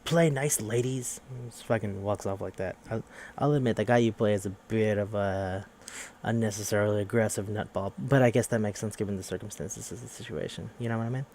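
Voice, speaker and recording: A man's voice: lowish voice, steady tone, fairly quick, darkish tone, a little hiss or hum. Casual, profane man recapping a game. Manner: rambling, profane, acts out characters' lines. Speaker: podcast host.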